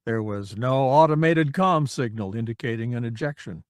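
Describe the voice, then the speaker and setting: A man voicing a relaxed, wry fighter commander in an audiobook, understated and dry. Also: mid-range voice, moderate pace, clean tone, no room sound, natural voice. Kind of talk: audiobook character reading.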